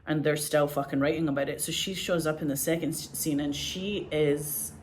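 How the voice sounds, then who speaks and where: A woman's voice: low voice, fairly even intonation, normal speed, slight background noise. A woman in her forties, a podcast host, telling stories in a loose, chatty way full of fillers. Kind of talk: casual storytelling.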